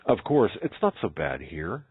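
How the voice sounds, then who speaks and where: A man's voice: low-pitched, sing-song, a little slow, slightly rough, dry recording, voice pushed up, full character voice. A man voicing a shy, unsure young male elephant in a read-aloud story. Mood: timid. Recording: tinny phone-like line.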